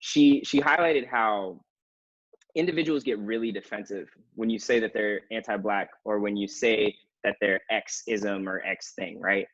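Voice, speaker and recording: A hesitant man talking as a panelist over a video call. His voice is fairly low and comes through dull and lo-fi. The sound is dry and close. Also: unhurried, fairly bright tone, dry recording. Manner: hesitant, many fillers. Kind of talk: casual panel discussion.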